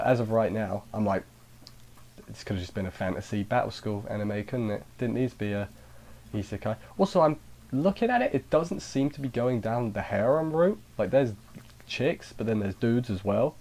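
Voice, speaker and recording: Sarcastic, rambling man, lowish voice. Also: mellow. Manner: rambling, sarcastic, self-interrupting. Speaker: anime reviewer. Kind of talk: casual spoken review.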